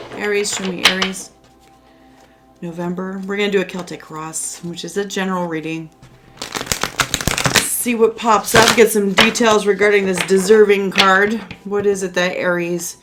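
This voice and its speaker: A woman giving a casual tarot reading at home, chatty and reassuring, with lots of fillers. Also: medium pitch. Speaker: tarot reader. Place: indoors at home by a window.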